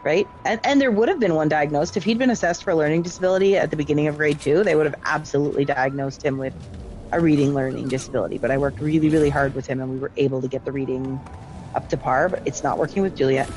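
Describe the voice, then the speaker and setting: A middle-aged woman chatting casually with friends while playing a game, telling stories in a lively, chatty way. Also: deep voice, quick pace, a little hiss or hum. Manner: chatty storytelling, lively retelling of exchanges. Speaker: parent and gamer. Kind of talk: casual chat while gaming.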